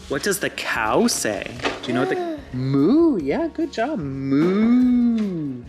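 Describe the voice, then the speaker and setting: A woman's voice: mid-range voice, wildly swooping pitch, normal speed, music in the background. Sing-song mother doing baby talk. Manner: sing-song, coaxing, imitates animal sounds.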